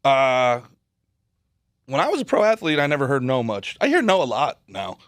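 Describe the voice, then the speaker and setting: A man's voice: medium pitch, moderate pace, no echo, clean studio sound. A man co-hosting a podcast, telling stories with a joking, teasing manner. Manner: joking, animated storyteller. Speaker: podcast co-host. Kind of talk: casual podcast banter.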